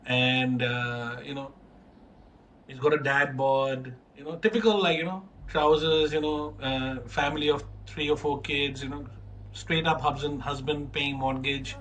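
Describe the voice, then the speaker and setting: Fields. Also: male voice, medium pitch, unhurried, slight background noise, low-quality recording. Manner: animated storytelling, laughing often. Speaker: podcast host. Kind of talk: casual chat.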